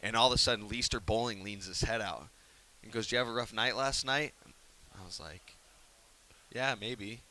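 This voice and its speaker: A man tells a story during a casual interview in a bright, forward voice that is fairly low in pitch, at a moderate pace. He is animated and laughs often, dropping to hushed whispers when acting out what he said. A faint hiss runs beneath the recording.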